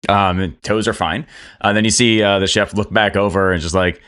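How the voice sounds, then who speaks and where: A man's voice: fairly low pitch, steady tone, normal speed, a bit bright, smooth. A man narrating a tabletop game as game master, rambling through scene description with many fillers.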